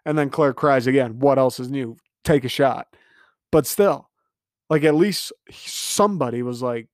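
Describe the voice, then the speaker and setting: A man's voice: medium pitch, measured pace, dry recording, clean studio sound. A young man hosting a podcast, recapping a reality dating show in a casual, profane, sarcastic rant full of mocking asides. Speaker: podcast host.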